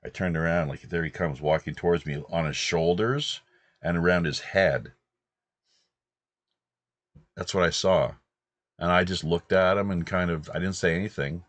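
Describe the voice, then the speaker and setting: A man in his fifties from British Columbia, hosting and rambling through a relaxed anecdote. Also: deep voice, normal speed, pauses often, dry recording. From British Columbia, Canada. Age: 50s. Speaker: host. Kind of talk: casual anecdotal chat.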